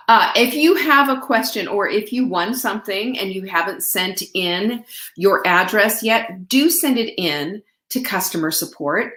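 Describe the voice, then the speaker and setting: A chatty middle-aged woman talks to her viewers on a live stream, greeting them one by one by name. Her pitch sits in a middle range, and the room behind her echoes. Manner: chatty, warm-hearted, greets viewers by name, laughs often. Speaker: livestream host.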